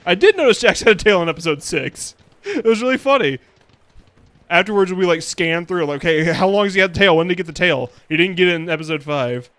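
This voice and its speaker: A man's voice: high voice, animated, fast talker, fairly bright tone, no echo. A man streaming a video game, chatting casually in a rambling way with plenty of fillers. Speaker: VTuber streamer. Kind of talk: casual let's-play commentary.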